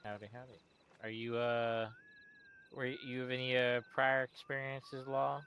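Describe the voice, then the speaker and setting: A man voicing a sheriff in a role-play game, talking in a hesitant, halting way with many fillers. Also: mid-range voice, flat delivery, lo-fi sound, a little hiss or hum. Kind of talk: casual in-character role-play chat.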